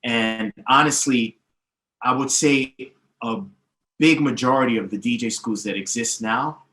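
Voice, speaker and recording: A DJ teacher appears as a guest on a podcast, his medium-pitched, slightly bright voice unhurried as he explains things at length. He sounds confident and emphatic, listing names and history, in a roomy, echoey recording.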